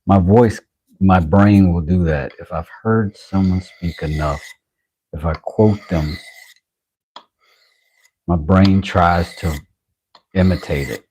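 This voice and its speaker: Brief: deep-voiced man, unhurried, chatty workshop host poking fun at himself. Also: dark tone, husky, no echo. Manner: rambling, self-deprecating, chatty with viewers. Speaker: knife-sharpening channel host. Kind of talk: casual livestream chat.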